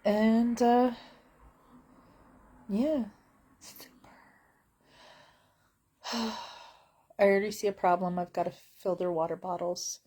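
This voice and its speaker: Husky, slow-talking woman vlogging from home. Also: medium pitch, mellow. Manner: wry, blunt, rambling with many fillers. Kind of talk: casual chat to camera. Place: at home in bed.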